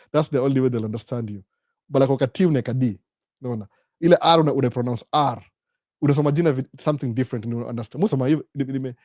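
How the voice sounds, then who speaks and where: Fast-talking Kenyan man hosting a live stream. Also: medium pitch, dark tone, no room sound, clean studio sound. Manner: rambling storyteller, acts out quoted voices, often adds "by the way". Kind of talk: casual live-stream chat mixing Swahili, Sheng and English.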